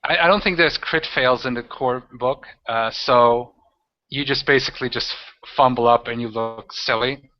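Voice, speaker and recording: A man narrating as game master of a tabletop role-playing game, talking in halting, rambling bursts with many restarts. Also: mid-range voice. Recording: dull lo-fi audio.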